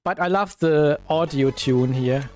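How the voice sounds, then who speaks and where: A man with a German accent, chatting slowly while he plays old computer games on a live stream, full of fillers and sudden cries at the game. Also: on the high side, a little mellow. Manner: slow, thinking aloud with many fillers, bursts of exclaiming at the game. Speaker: retro gaming streamer. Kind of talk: casual live-stream commentary.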